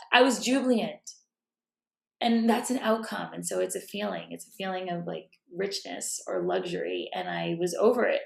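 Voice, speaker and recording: A woman talks through her ideas in a relaxed, reflective way, often pausing to rephrase herself. Her mid-pitched voice carries a gravelly fry. The recording is roomy and echoey, as if made at home. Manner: thoughtful, self-correcting, drops to a whisper at times. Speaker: self-help speaker. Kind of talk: casual reflective talk. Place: room at home.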